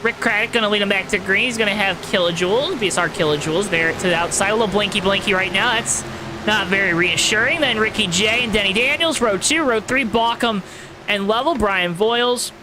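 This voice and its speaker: Speaking straight to those watching, this race commentator gives sim racing play-by-play in an over-the-top announcer voice. His voice sits high and he talks a little fast over background noise.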